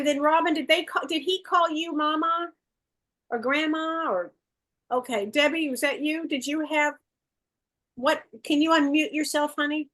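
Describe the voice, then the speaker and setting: Woman medium, a bit high-pitched, warm and coaxing, relays messages on a video call. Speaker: psychic medium. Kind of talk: live online gallery reading.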